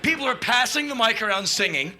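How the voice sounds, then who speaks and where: Male spoken-word performer, high and very bright, swings wildly in pitch, swears freely, punctuates with shouted bangs. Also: fairly quick. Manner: animated, profane, shouted sound effects. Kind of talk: live spoken-word storytelling. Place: live stage before an audience.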